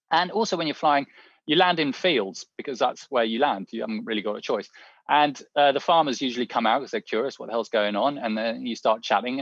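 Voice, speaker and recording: A man's voice: mid-range voice, dry recording, dull audio. A man telling travel stories over slides in a webinar, chatty and anecdotal with many fillers. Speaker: webinar speaker. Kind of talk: presentation talk with slides.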